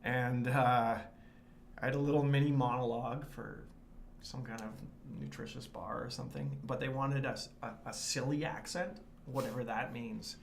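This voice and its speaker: A man's voice: medium pitch, steady tone, normal speed, creaky, a little hiss or hum. A man, an actor, telling a self-mocking audition story in casual chat. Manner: self-mocking, laughs through his story. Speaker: actor guest at a roundtable.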